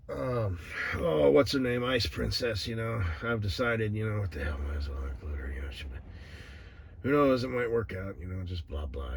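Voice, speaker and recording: Man rambling with a lively swinging voice. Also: mid-range voice, moderate pace, creaky, slight background noise. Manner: meandering, profane, full of "you know" fillers and sighs. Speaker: vlogger. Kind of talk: casual rambling monologue.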